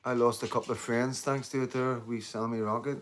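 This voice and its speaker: A man's voice: medium pitch, little pitch movement, a little fast, a little hiss or hum. A middle-aged man, rambling and swearing through a casual livestream chat with viewers. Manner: rambling, swears freely, addresses viewers as mate and guys. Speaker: livestream host.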